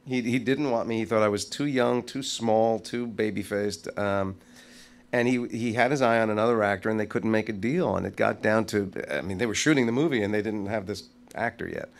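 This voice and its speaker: A middle-aged actor telling stories as a guest, animated and self-deprecating, on a live stage. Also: male voice, lowish voice, a little fast. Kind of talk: anecdotal storytelling. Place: live stage before an audience.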